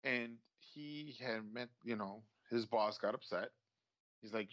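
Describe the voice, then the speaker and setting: A man's voice: mid-range voice, a little slow, a bit bright, no room sound, highs cut off. A man in casual chat about a movie he watched, often repeating words and restarting his sentences. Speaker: movie discussion co-host.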